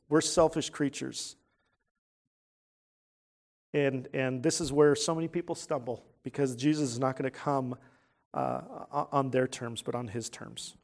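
This man, a pastor, delivers his sermon earnestly at a medium pitch. He asks rhetorical questions and alternates soft, hushed moments with loud, forceful emphasis.

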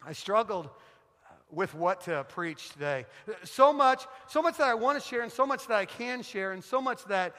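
A middle-aged man preaching in a church, telling funny stories in an animated, joking way. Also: high-pitched, moderate pace, in a large hall. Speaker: guest pastor. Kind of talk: sermon with storytelling. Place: church sanctuary.

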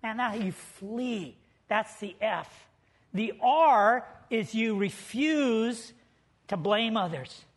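Male pastor, very high voice, humorous storyteller, sermon delivery. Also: drawn-out words. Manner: lively storytelling preacher with humor.

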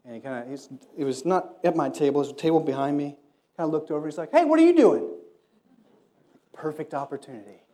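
A male preacher delivering a sermon in a relaxed, conversational way, breaking into little stories and playing the people in them. His voice is mellow and a little higher than most men's. He comes across as someone talking with the room rather than lecturing it. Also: fast talker. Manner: conversational, animated, acts out quoted voices. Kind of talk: sermon with storytelling.

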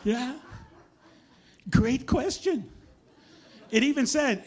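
Man, high voice, animated preacher telling stories. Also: a little slow. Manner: animated storytelling, acts out dialogue. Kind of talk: sermon.

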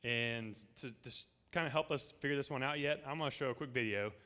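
Bright-voiced man preaching a casual sermon. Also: medium pitch, fairly quick, smooth. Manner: lively, acts out quoted dialogue. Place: church service before a congregation.

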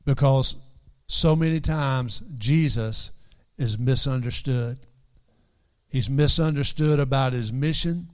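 Slow, smooth-voiced male preacher. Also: medium pitch. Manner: earnest, repeats phrases for emphasis; quotes scripture in King James wording. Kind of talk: sermon.

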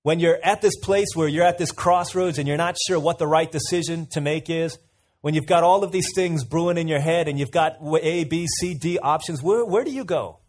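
A man delivers a conversational sermon, questioning his listeners and sharing stories along the way. His voice is slightly high and a bit mellow, and he moves briskly.

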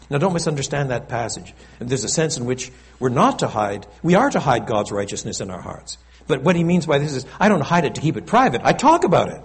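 A male pastor preaching a sermon in an animated, conversational way, with frequent asides to the congregation. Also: a little high, fairly quick.

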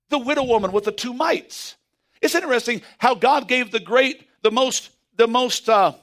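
High-voiced preacher man, fervent and animated. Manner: animated preaching with sudden shouts and hushed asides. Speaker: pastor. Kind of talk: sermon.

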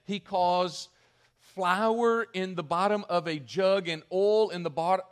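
Male pastor preaching, high voice, chatty and animated. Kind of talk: sermon.

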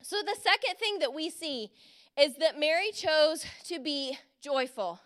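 A young woman preaching a sermon, earnest and encouraging, drawing out key phrases slowly. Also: high-pitched, expressive, fairly bright tone. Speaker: speaker giving a Christmas message.

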